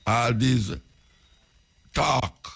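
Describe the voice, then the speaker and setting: Slow gravelly Jamaican radio host. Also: male voice, medium pitch, a bit bright. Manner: rhetorical questioning, lecturing. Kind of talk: radio talk monologue.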